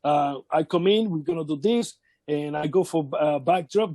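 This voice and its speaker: Man with a high voice telling wrestling stories. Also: darkish tone, no room sound. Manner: halting, repeats words, acts out quotes of others. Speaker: wrestling veteran interviewee. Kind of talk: casual shoot interview storytelling.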